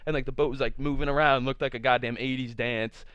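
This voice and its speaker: A young man tells a story to camera in a loose, rambling way, packing his sentences with fillers and curse words. His voice is smooth and clean in a dry, close sound, though the recording itself is a bit dull and lo-fi. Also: mid-range voice, steady tone, fast talker, fairly bright tone, no room sound. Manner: rambling, full of "like" fillers, profane. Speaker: vlogger. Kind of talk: casual storytime.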